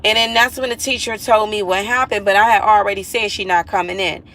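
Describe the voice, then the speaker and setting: A woman's voice: mid-range voice, fairly even intonation, a little fast, gravelly, fairly bright tone, low-quality recording. A mother talking to viewers in a casual vlog monologue, earnest and emphatic, repeating herself and pleading with listeners.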